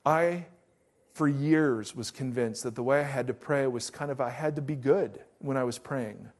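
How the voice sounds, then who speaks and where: A middle-aged man preaching a sermon as pastor, telling stories with acted-out quotes in an animated way. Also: mid-range voice, normal speed.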